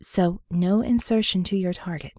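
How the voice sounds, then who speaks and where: A woman voicing a brisk, wry young woman coordinating her team. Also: fairly low pitch, a little mellow, no echo, clean studio sound, close to an everyday voice.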